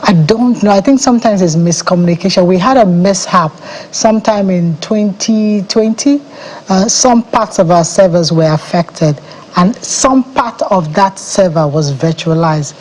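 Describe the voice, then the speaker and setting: A woman's voice: mid-range voice, a little slow, a little mellow, a little hiss or hum, low-quality recording. A Nigerian woman, head of an agency, explaining confidently as a guest in a TV news studio interview. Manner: confident, explanatory, laughs easily.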